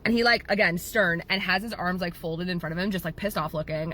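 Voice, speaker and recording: Woman, studio owner, casual storytelling, rambling, bright sharp tone. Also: fairly low pitch, steady tone, slight background noise. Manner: fast, rambling, filled with "like".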